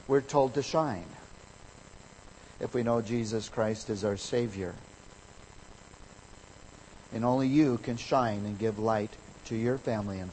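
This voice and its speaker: A male pastor delivers a sermon in a husky, slightly breathy voice. He preaches with emphasis, his voice rising and growing louder on the words he wants to stress. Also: mid-range voice, rough recording.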